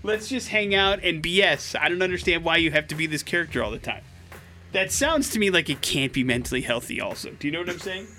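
A man co-hosting a morning radio show, chatting casually and excitably with plenty of fillers. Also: on the high side, fast talker, soft background music.

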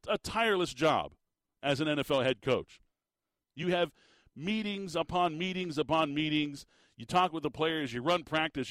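A man's voice: sits high, fairly bright tone, no echo, clean studio sound. A man giving a ranting sports commentary, exasperated and emphatic, firing off rhetorical questions.

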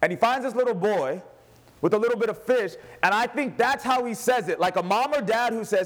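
High-voiced man preaching a sermon. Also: fairly quick. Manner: animated preaching, acting out quoted voices. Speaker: pastor. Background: congregation responding.

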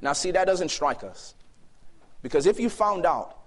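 A man preaching a sermon to a youth gathering, emphatic and shifting between loud and hushed delivery. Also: fairly high pitch, expressive, measured pace. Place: youth camp meeting hall.

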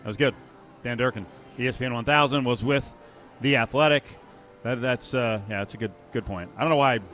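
A man hosting a sports talk radio show, chatty and joking with quick asides. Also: mid-range voice, a bit bright, soft background music.

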